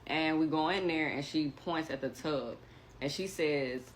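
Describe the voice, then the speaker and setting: A young woman telling a story in casual chat, animated and acting out what others said. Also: sits low, measured pace, a little hiss or hum. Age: young adult.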